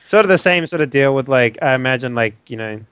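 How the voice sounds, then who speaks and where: A man's voice: medium pitch, expressive, fast, fairly bright tone, clear, resonant tone, dry recording. Rambling man chatting in a tabletop game. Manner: rambling, hesitant, lots of fillers. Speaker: player. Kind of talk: casual tabletop game chat.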